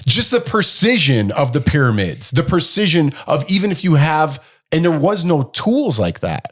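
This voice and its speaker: A man's voice: a little high, sing-song, moderate pace, a bit bright. Man musing casually on a podcast. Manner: musing, rambling, speculative. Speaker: podcast co-host. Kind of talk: casual chat.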